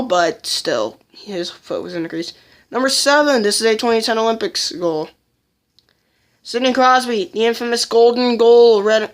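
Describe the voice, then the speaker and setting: A woman's voice: mid-range voice, a bit bright. A woman giving casual countdown commentary as a fan vlogger, blunt and opinionated, often restarting her sentences.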